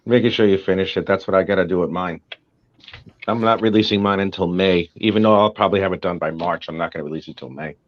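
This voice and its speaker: A man's voice: deep voice, fast. An American man co-hosting a casual live-stream chat, rambling and joking with plenty of swearing. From United States. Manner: profane, rambling, jokey. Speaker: co-host and comic artist. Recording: dull lo-fi stream audio.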